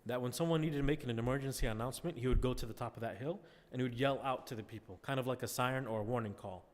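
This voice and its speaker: A man delivers a conversational lecture to a class, often checking in with his listeners. He talks rapid-fire at medium pitch, and the recording carries a long reverb.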